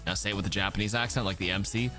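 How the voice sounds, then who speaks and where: A man's voice: on the low side, fairly even intonation, very fast, over music. A man streaming a watch party, chatting casually with his chat and rambling, swearing now and then.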